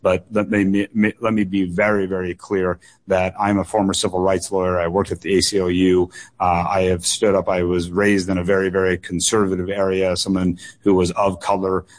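Male political candidate, thirties, low-pitched, earnest, doubles words for emphasis, radio guest. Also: flat delivery, moderate pace, few pauses. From United States. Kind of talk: radio call-in interview.

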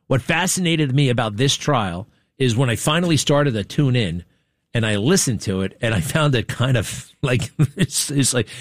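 This is a male talk-show host in a studio, speaking in a casual, digressive way. His voice sits in the middle range, and his tone is wry. The sound is close and dry, with no room echo. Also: medium pitch. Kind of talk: rambling monologue, casual chat.

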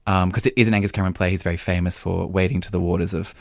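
A man's voice: low voice, vocal fry, no room sound, clean studio sound. A man co-hosting a podcast, chatting animatedly about a play he reviewed, with frequent laughs and fillers. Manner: animated, quick, laughs often, many fillers. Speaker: podcast co-host, theatre critic. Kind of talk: casual review chat.

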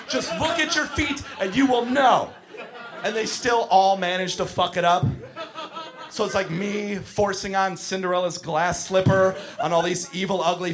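A young man telling a stand-up story, animated and shouting his exasperated punchlines, recorded live on stage. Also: on the high side. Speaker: stand-up comedian. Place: comedy stage before audience. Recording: live show with crowd laughter.

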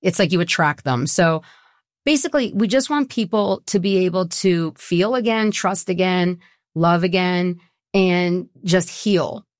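A middle-aged woman from Southwest Florida, a nonprofit co-founder, appears as a guest on a talk show in a casual interview conversation. Speaking a little slowly in a fairly low voice, she tells her own story earnestly and personally, sometimes with emotion. The sound is clean studio audio with no echo.

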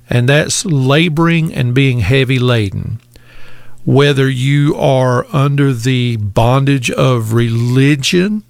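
Male preacher, gravelly and unhurried, dry recording, deliberate repetitive delivery. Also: medium pitch, no echo. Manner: slow, deliberate preaching with repeated phrases. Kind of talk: sermon.

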